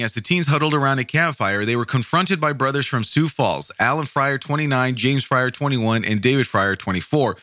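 A man's voice: medium pitch, bright, forceful tone, dry recording, studio quality. A man hosting a true crime podcast, reading case notes aloud and breaking off into profane, angry asides full of stammered restarts.

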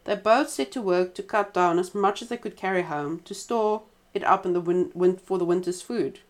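A woman reading a folk tale aloud in a relaxed way, stopping now and then for chatty side comments. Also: lowish voice, moderate pace. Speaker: storyteller.

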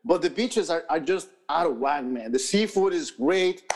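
Rambling, high-voiced casual male co-host. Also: animated, moderate pace. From New York. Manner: rambling, many fillers and restarts, profane. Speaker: podcast co-host. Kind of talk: casual chat. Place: podcast studio.

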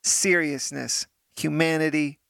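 A man's voice: fairly high pitch, fairly even intonation, takes it slowly, vocal fry, a bit bright, dry recording. A man co-hosting a podcast in casual chat, tossing in dry, playful quips and bits of trivia. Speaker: podcast co-host.

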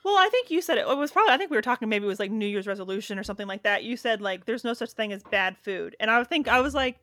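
A woman's voice: fairly high pitch, animated, very fast, a bit bright, dry recording, studio quality. A woman co-hosting a casual chat, reading out prompts and affirming her partner often. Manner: reads prompts, chatty, affirming interjections.

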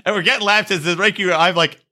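A man's voice: sits high, fairly even intonation, fast talker, sharp tone. A man co-hosting a podcast in casual chat, telling crude stories and acting out the people he quotes. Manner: storytelling, crude jokes, acts out quoted voices. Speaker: podcast co-host.

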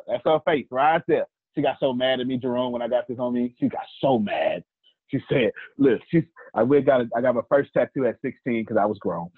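A man tells personal stories in a casual, joking style, throwing in preacher-like asides to his listeners. His voice is husky and a little rough at mid pitch. It sounds thin and tinny, like a phone call. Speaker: motivational speaker. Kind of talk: casual storytelling talk. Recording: phone-like lo-fi line.

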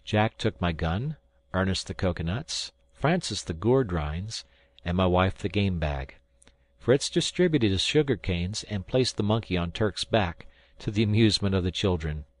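A man reading a first-person story aloud in measured storytelling. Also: low-pitched, lively intonation, no room sound. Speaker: audiobook narrator. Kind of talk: scripted first-person narration.

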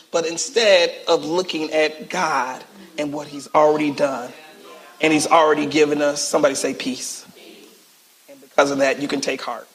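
A male pastor preaching a sermon with animated call-and-response, acting out quotes, recorded in a church. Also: on the high side. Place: church sanctuary.

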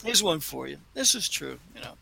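High, gravelly man telling rambling stories. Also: fairly quick, crowd noise, poor audio. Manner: rambling, laughing, animated storyteller. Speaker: co-host. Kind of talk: casual chat, storytelling.

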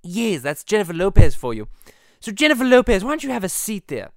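A man with a Boston accent hosting a rambling comedy podcast, crude, giggly and easily excited. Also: high voice, fairly quick, slight background noise.

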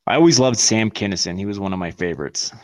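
A man chatting on a podcast, swearing freely and jumping into goofy impressions. His pitch swings widely, rising and falling as he tells stories. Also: expressive, quick pace. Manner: swears a lot, acts out movie lines in silly high voices. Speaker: podcast co-host. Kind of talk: casual crude chat.

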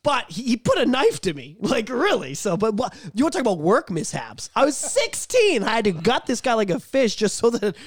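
A man's voice: very high voice, fairly quick, hardly any pauses, dry recording, studio quality. A young man co-hosting a podcast, telling profane stories in casual chat and acting out the voices of people in them. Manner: animated storytelling, profane, acts out voices. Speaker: podcast co-host.

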